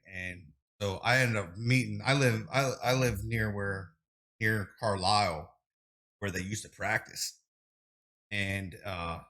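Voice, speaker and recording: A man in his thirties chats casually as a podcast guest. He rambles through animated stories, restarting sentences and piling on fillers. His voice sits a little low but sounds bright and forceful. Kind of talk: casual interview chat.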